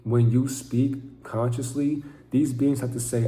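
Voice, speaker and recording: A man's voice: medium pitch, fairly even intonation, unhurried, mellow, echoey room. A man giving an intense, profane, preaching monologue to camera as a vlogger.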